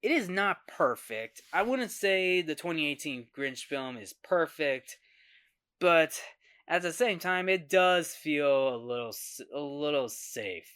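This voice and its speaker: A man hosting a casual film review monologue, talking in a halting way that often restarts and repeats words. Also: fairly high pitch, expressive, fairly bright tone, smooth, no echo, clean studio sound. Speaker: host.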